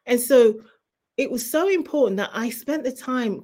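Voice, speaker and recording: A woman's voice: on the high side, expressive, normal speed, dark tone. A woman who is a guest author, sharing a fervent faith testimony in an interview. She speaks like a preacher and repeats key phrases for emphasis.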